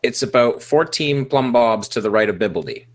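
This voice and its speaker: Animated man co-host, explains things, slips in dry jokes. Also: mid-range voice, moderate pace, background noise. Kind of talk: casual podcast chat.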